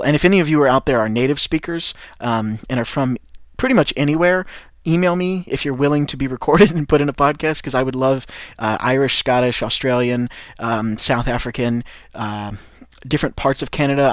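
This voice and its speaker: A man's voice: medium pitch, no room sound. Midwestern American male language teacher, encouraging pep-talk delivery, casual restarts, dry booth sound. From United States. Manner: encouraging, rambling, with frequent restarts. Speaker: English teacher and podcast host. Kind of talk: podcast lesson for French learners.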